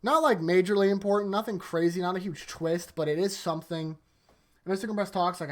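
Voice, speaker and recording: A YouTuber giving a casual, rambling manga chapter review late at night, tired, leaning on "like" a lot and often trailing off into a quieter voice. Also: mid-range voice, fairly quick. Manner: rambling, heavy use of "like", sentences often trailing off softer. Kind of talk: casual video commentary.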